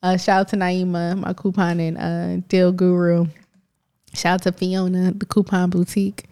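A woman's voice: fairly low pitch, clear, resonant tone. A woman co-hosting a casual podcast, talking in a loose, rambling way. She laughs easily and jumps from one tangent to the next. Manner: animated, rambling, quick to laugh. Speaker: podcast co-host.

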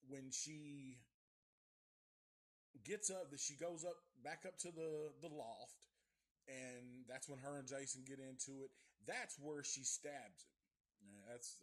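A middle-aged man from the Nashville area, recapping a movie plot in a profane, rambling live review. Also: medium pitch. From Nashville area, USA.

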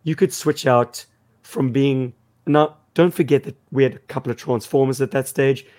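A man with a croaky, slightly worn voice, talking casually as a podcast co-host. He tells his stories with enthusiasm, at an average pitch for a man. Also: steady tone, moderate pace, a little mellow.

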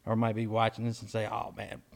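A man tells stories in a relaxed co-host chat. He rambles and restarts often. He slips into quick acted-out quotes of the people in his stories. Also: on the low side, creaky. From Mississippi, US. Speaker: podcast co-host. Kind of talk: casual storytelling chat.

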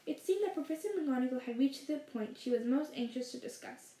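A woman with a high voice reads a novel aloud, expressive and lively. The reading echoes in a roomy space. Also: fairly quick. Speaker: storyteller. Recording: roomy echo.

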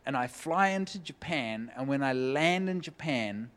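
A man preaching a sermon, telling a personal story in a lively way and acting out the voices of the people in it, at a church meeting. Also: medium pitch, a little slow, smooth. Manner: lively, acts out quoted voices. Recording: long hall reverb.

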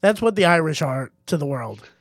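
A young man co-hosting a comedy podcast, rambling and tossing out provocative, deadpan absurd jokes. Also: fairly high pitch, normal speed, no echo, studio quality. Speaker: podcast co-host. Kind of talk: casual comedy chat.

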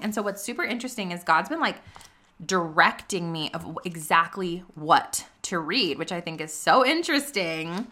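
A woman vlogging casually about her faith, chatty and earnest, full of "like" and "you know", reading scripture aloud with quick personal reactions. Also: lowish voice, lively intonation, pushed and bright. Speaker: vlogger sharing a faith and business update. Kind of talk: casual faith vlog talk.

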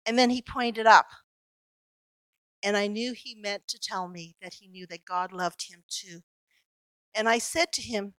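Earnest bright-voiced woman preaching. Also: mid-range voice, fairly even intonation, smooth, dry recording, low-quality recording. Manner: earnest, reflective storytelling with slow emphatic pauses. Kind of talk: sermon.

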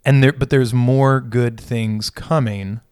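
A man's voice: medium pitch, steady tone, slow pace, darkish tone, smooth, no echo, studio quality. A man who is a pastor, in a casual conversation about faith, thinking aloud and often correcting himself.

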